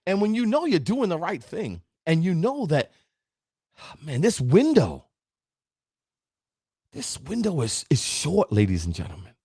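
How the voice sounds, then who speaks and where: A man's voice: high-pitched, very animated, a little slow, long pauses, dark tone, husky, no echo, studio quality. A man, giving an emphatic, preachy motivational talk as a podcast host and speaking straight to his listeners. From Brooklyn, New York. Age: 50s.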